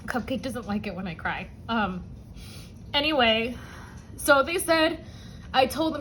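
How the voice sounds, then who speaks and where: This budgeting channel host talks a little fast in a high-leaning, fairly bright voice as she tells an emotional personal story, tearing up at times and calling viewers "y'all." The audio is low-quality, with a bit of hiss or hum.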